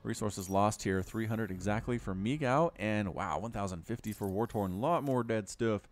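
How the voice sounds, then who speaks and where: A young man casting a strategy game, chatty and animated, jumping up sharply when the action heats up. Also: lowish voice, normal speed. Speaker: game caster. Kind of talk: game commentary.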